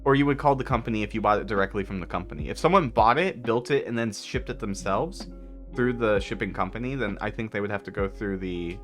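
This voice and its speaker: A man's voice: on the low side, quick pace, a bit bright, soft background music. A man streaming from a parked car, chatting casually with viewers, giggling often and rambling. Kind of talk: casual live-stream chat.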